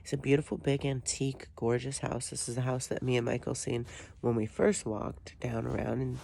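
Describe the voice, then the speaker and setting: A woman's voice: rumbling low, level tone, normal speed, vocal fry, warm tone, a little hiss or hum. A woman vlogger telling a long story in a casual, rambling way, with many restarts and fillers.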